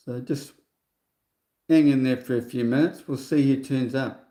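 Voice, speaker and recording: A man's voice: mid-range voice, fairly even intonation, moderate pace, warm tone, reverberant. Rambling, scornful man in his sixties. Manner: scornful, rambling, chatty asides. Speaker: livestream host. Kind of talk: rambling casual livestream monologue.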